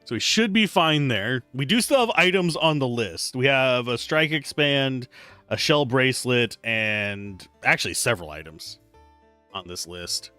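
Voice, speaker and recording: Male streamer, wry rambling commentary, lively pitch, bright tone. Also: measured pace, dry recording, soft background music. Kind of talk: casual gameplay commentary.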